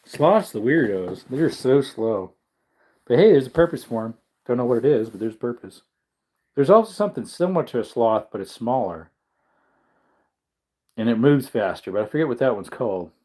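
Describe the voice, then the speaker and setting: Tired male livestream host at mid pitch, yawning, loose and rambling as he reads the chat. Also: expressive, normal speed, darkish tone. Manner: rambling, chuckling, musing aloud. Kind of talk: casual live chat, reading comments.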